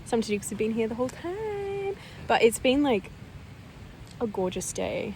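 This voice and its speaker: A woman chatting casually to a handheld camera as a travel vlogger, upbeat and quick to laugh. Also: fairly high pitch, big pitch swings, a little mellow, a little hiss or hum, low-quality recording. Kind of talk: casual vlog chat.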